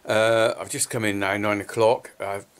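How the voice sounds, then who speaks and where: A man's voice: lowish voice, fairly even intonation, normal speed, clear, resonant tone. A man, a farmer, talking casually to his camera in a rambling way with lots of fillers as he walks around an exhibition hall. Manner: chatty and rambling, with many fillers. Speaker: farmer vlogger. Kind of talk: casual vlog narration. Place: indoor exhibition hall, walking through. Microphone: handheld camera filming as he walks. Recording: loud background noise.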